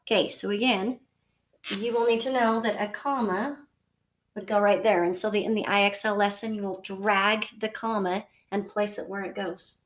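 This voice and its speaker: A woman's voice: medium pitch, steady tone, moderate pace. A woman teacher giving a recorded lesson to her class, patient and repetitive, checking in often with the listener. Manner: patient, repeats points, frequent okay and so.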